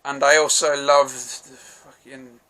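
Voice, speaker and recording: A man's voice: mid-range voice, flat delivery, takes it slowly, pushed and bright. A man giving a casual, rambling film review, swearing freely and restarting his sentences.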